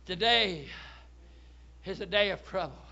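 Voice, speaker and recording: A man, preaching a fervent sermon and often shouting hallelujah. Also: sits high, unhurried, vocal fry, muffled recording. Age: 70s. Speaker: pastor.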